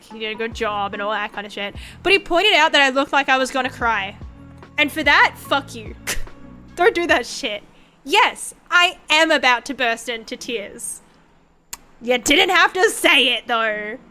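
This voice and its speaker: Bright-voiced sweary streamer woman. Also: high-pitched. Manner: sweary, rambling, animated storytelling. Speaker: vtuber streamer. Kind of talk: casual chat stream.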